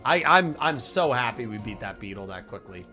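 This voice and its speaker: A man streaming a video game live, chatting casually and reacting out loud, his voice going hoarse. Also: mid-range voice, moderate pace. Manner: chatty, excitable, reacts aloud and thanks viewers. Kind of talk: casual live gameplay commentary. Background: game music.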